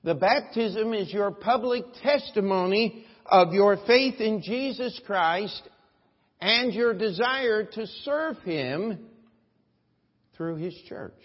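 Male pastor, slightly high husky voice, emphatic folksy sermon delivery, recorded in a reverberant church. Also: lively intonation, slow. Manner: preaching with emphatic swings in pitch and loudness, folksy anecdotes. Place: church sanctuary. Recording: echoey church hall, dull lo-fi audio.

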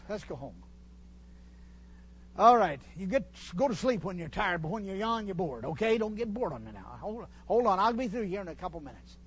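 Older male preacher, high lively voice. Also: a little hiss or hum. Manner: folksy, teasing the congregation, halting restarts. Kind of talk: sermon. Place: church hall.

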